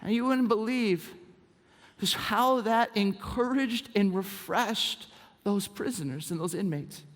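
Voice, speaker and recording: Male pastor, animated storytelling sermon, high voice, church auditorium, long hall reverb. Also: slow pace. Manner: animated storytelling, swinging from hushed to exclaiming.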